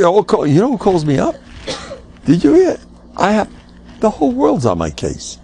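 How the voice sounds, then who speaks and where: A man's voice: mid-range voice, vocal fry, darkish tone, slight background noise. An older man, a rabbi giving an informal Torah class, emphatic and joking, mixing in Yiddish and Hebrew words. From United States.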